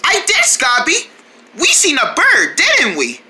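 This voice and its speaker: A woman voicing a gentle young female cricket who talks in a slow, soothing way. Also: sits high, huge pitch swings, full character voice.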